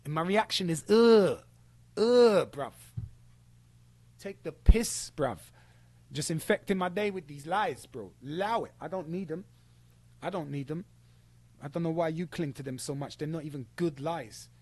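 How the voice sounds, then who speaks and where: Speaking at a moderate pace in a fairly high-pitched voice, this young streamer goes after a former friend. His ranting monologue is confrontational and full of swearing, and he keeps repeating points to build his argument.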